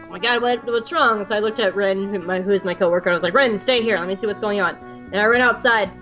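A woman in her late twenties telling a story on a podcast in a casual, animated way, with lots of fillers and restarts. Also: medium pitch, lo-fi sound. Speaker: podcast co-host.

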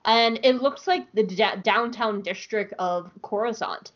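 Animated, cursing woman podcaster from the South. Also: on the high side, measured pace. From American South. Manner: animated, swears freely, laughs often. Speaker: podcast co-host. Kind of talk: casual chat. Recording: lo-fi audio.

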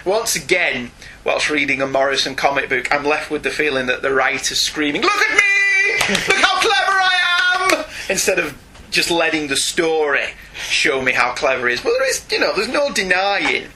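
A man co-hosting a casual podcast, sarcastic and self-mocking, talking in an animated way. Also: a little high, normal speed, noisy background. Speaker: podcast co-host. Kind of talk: casual comic book podcast chat.

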